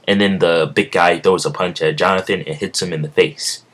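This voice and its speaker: Low-voiced young guy rambling through a story. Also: steady tone, moderate pace, few pauses, fairly bright tone. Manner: rambling, lots of fillers and self-corrections. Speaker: amateur storyteller. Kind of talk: improvised fan-story narration.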